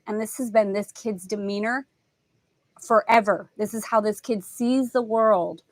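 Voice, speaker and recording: A woman's voice: medium pitch, steady tone, unhurried, no echo. A middle-aged woman hosting a spiritual lesson talk, telling stories with animation and acting out family voices. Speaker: host.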